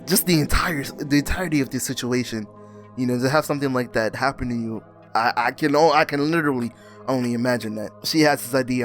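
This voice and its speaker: A young man recapping a comic in a casual, animated, slangy way, often laughing as he rants. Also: medium pitch, quick pace, faint music behind. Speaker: comic reviewer.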